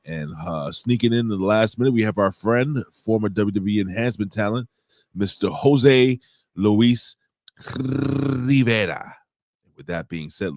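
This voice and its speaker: A man's voice: sits low, no room sound. A man co-hosting a live wrestling podcast, rambling, joking and swearing freely in casual chat.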